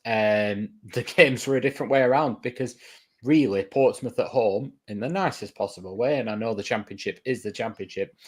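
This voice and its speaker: A man's voice: mid-range voice, fairly quick. A man co-hosting a football podcast, talking in an easygoing way with stammered restarts and tag questions. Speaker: podcast co-host. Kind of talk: casual football chat.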